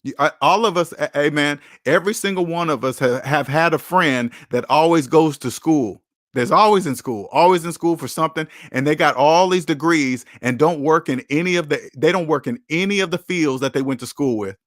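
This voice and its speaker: A man's voice: on the high side, moderate pace, a bit bright, dry recording, clean studio sound. Blunt, preachy man hosting a money stream. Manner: blunt, preachy, repeats key phrases for emphasis. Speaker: personal finance channel host. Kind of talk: livestream talk answering chat.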